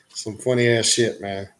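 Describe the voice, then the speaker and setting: A man's voice: on the low side, noisy background. A man giving casual, profane commentary as an occult teacher, reading scripture aloud and mocking it. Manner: profane, mocking, reads aloud then rants.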